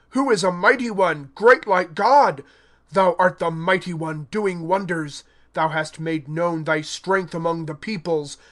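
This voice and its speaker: A man reads scripture in a steady, solemn recitation. His voice sits a little high for a man. Each line is measured and deliberate. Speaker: scripture reader. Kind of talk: scripted Bible reading.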